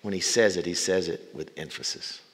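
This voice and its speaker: A male preacher delivering a sermon with folksy humorous asides, swinging between loud bursts and hushed, drawn-out phrases. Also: deep voice. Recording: long reverb from a large hall.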